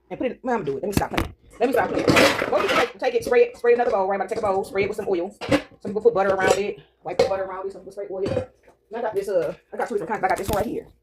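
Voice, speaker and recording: A woman vlogger kneads dough and talks, her medium-pitched voice slightly mellow, with a bit of hiss or hum in the recording. Her baking chatter wanders, and she checks in with "right?" after almost everything she says.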